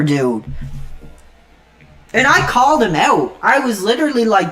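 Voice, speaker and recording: A man streaming an angry, profane rant, swinging between loud outbursts and low muttered asides. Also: sing-song, a little slow, pauses often. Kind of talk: angry ranting monologue.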